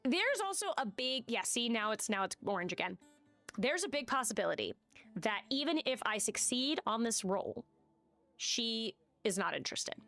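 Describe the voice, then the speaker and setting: A woman's voice: fairly high pitch, sing-song, moderate pace, pushed and bright, faint music behind. A woman streaming a game live, chatting casually, swearing and reading the game's text aloud.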